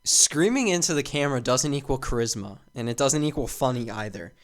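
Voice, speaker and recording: A man's voice: medium pitch, fairly quick, loud music behind the voice. Sarcastic man doing reaction commentary. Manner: mocking, exasperated, deadpan jabs. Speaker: commentary YouTuber.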